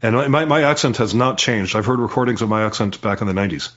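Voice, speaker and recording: A man's voice: fairly low pitch, fast talker, fairly bright tone, muffled recording. An American man talking casually as a guest, chatty and joking. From United States. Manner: joking, chatty, playful aside impressions. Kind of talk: casual conversation.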